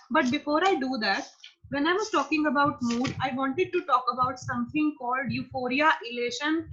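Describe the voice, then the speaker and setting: Woman lecturer, slightly high husky voice, dull lo-fi audio. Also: bright, forceful tone. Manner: explanatory, repeats key terms, mixes in Hindi phrases. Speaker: psychology lecturer. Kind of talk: online lecture.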